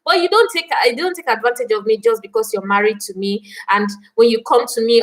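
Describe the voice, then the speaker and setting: A woman's voice: a little high, a little fast, few pauses, a bit bright, poor audio. A Nigerian woman hosting a live stream, talking with passion and indignation, answering viewers' comments and repeating phrases for emphasis.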